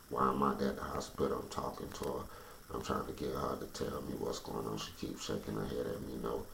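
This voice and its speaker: Man, AAVE, very low gravelly voice, intense emotional testimony, echoey room recording. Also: fairly bright tone. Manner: intense, rising to agitated outbursts. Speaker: storyteller recounting personal experience. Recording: echoey room with faint background noise.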